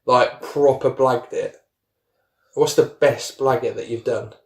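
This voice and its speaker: A man's voice: mid-range voice, fairly even intonation, slow, roomy sound. A man telling rambling stories in a casual podcast chat. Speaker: podcast host.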